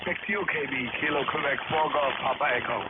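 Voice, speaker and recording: A man's voice: mid-range voice, fast. German-accented man over staticky ham radio. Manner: chatty, warm toward the contact, spells call signs phonetically. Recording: tinny shortwave radio with loud static.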